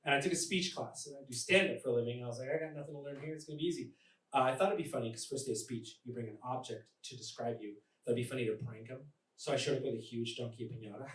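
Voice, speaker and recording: A man's voice: mid-range voice, racing. A man performing a live stand-up comedy set, telling stories and acting out the voices of the people in them. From born in Mexico, raised in the United States. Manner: animated storytelling, acting out characters' voices. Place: live comedy stage in front of an audience. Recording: echoey room, mic from a distance, audible ambience.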